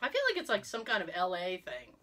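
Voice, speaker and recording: A middle-aged woman hosting a podcast, telling stories in an animated, casual way with frequent laughs. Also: fairly low pitch, quick pace. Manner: animated storyteller, exclaims and laughs often. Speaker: podcast host. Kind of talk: casual chat.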